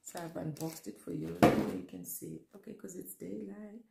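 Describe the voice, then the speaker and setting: A woman's voice: on the low side, big pitch swings, moderate pace, gravelly. A young woman vlogging an unboxing in a casual, gushing way, talking straight to her viewers. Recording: echoey room with faint noise.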